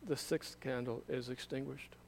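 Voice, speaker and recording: A man reading scripture aloud at a candle service, in a measured, solemn way. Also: medium pitch, fairly even intonation, creaky, a little hiss or hum. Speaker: scripture reader.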